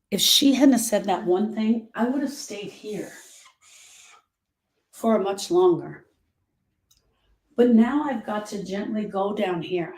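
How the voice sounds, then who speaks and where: A middle-aged woman speaking as a grief specialist, talking earnestly to her followers and slowing down on emotional points. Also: medium pitch, a little mellow. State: emotional, short of breath at moments. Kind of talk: personal talk to followers.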